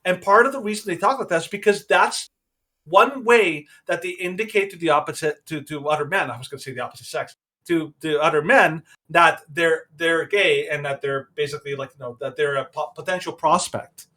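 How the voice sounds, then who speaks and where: A man with a high, bright voice hosts a podcast in casual commentary. He rambles through opinions and often restarts his sentences. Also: brisk. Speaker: podcast host.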